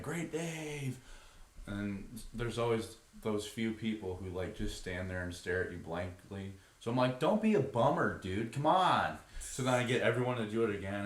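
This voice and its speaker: A young male podcast co-host with a fairly low voice tells stories in a casual, animated way, slipping into the voices of the people he quotes. The roomy space around him gives the recording a noticeable echo.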